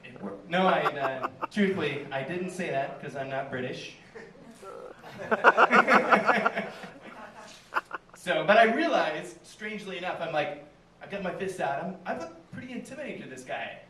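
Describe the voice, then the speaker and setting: A man's voice: sits high, animated, a little slow, pauses often, heavy background noise. A man telling a stand-up story in a small venue, acting out quoted lines and laughing at his own jokes. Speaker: stand-up comedian. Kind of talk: stand-up comedy set. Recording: echoey room, mic heard from a distance.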